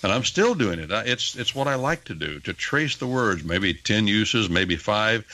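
A man's voice: on the low side, moderate pace, no echo, rough recording. An older man talking on the radio, lecturing about the Bible in an emphatic, teacherly way. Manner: emphatic, lecturing, animated with rising stresses. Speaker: radio talk show guest teaching on the Bible. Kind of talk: on-air Bible teaching talk.

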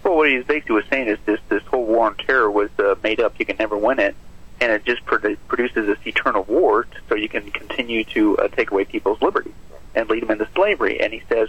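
A pastor delivers emphatic, urgent warnings in a husky, slightly breathy voice. The audio is muffled and lo-fi, like a broadcast. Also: male voice, on the low side, fast talker, fairly bright tone. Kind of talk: preaching on prophecy in a radio talk.

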